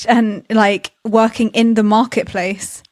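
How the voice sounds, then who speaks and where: A woman's voice: on the high side, little pitch movement, a little mellow, no room sound. Woman from the Netherlands, podcast co-host, chatty, laughs a lot, dry close sound. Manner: chatty, laughs often, quick asides. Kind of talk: casual chat.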